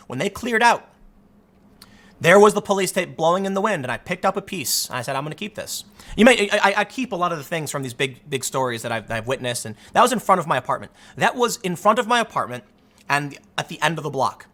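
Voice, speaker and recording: A man in his thirties giving casual, sarcastic commentary and telling stories in an animated, mocking way. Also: a little high, quick pace.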